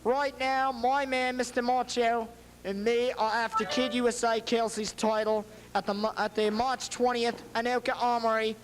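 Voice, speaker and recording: A man's voice: very high-pitched, level tone, moderate pace, low-quality recording. A man playing a brash wrestling manager with a put-on Australian accent, taunting and boastful in a TV promo. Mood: defiant.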